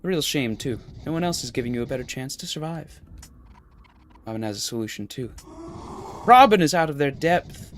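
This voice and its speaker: A man voicing a scheming demon in a game, smooth and coaxing with an edge of menace. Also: mid-range voice, lively intonation, fairly quick, long pauses, a little hiss or hum, natural voice.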